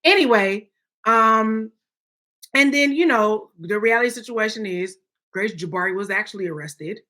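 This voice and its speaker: A woman's voice: medium pitch, moderate pace, pushed and bright. A woman co-hosting a podcast, giving her opinions emphatically and often checking in with "okay?". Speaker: podcast co-host. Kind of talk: opinionated casual chat.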